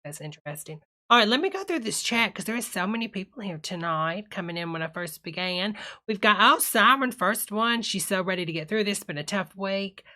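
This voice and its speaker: A woman's voice: mid-range voice, animated, a little fast, bright, forceful tone. A woman playing a gushing, tipsy church lady who hosts a live stream, calling her viewers honey and drawling chatty asides. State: tipsy from a cocktail. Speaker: livestream host reading chat.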